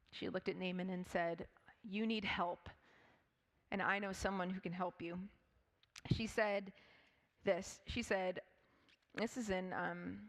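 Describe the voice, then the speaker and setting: A woman preaching a sermon in a church, telling the story in an animated, chatty way with many asides. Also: mid-range voice. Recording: church hall with long reverb.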